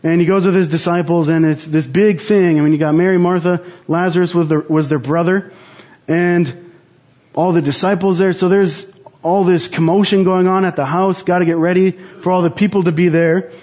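A man's voice: sits high, fairly even intonation, moderate pace, a little mellow, dull audio. A man co-hosting a Bible study, teaching in an earnest, rambling way with frequent restarts.

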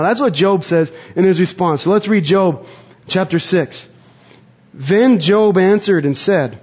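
A man preaching a sermon in an earnest, conversational way, pausing to reflect. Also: high-pitched, a little mellow, husky, lo-fi sound. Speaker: pastor.

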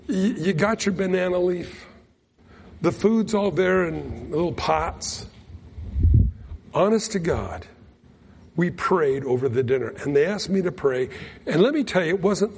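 A man preaching a sermon, telling a folksy mission story with lively acted-out quotes. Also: high voice, unhurried, pauses often, breathy edge. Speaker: pastor. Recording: long reverb of a large hall.

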